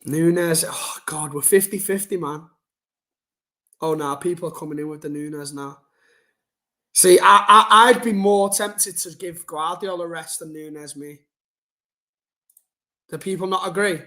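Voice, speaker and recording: A man's voice: on the high side, measured pace, pauses often, sharp tone. A young man ranting bluntly and casually to his chat during a football live stream, swearing and using slang.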